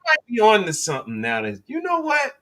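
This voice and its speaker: A man's voice: high-pitched, wildly swooping pitch, fairly quick, fairly bright tone. A man joking and hyping things up on a casual reaction panel. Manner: hyped, joking, calls out.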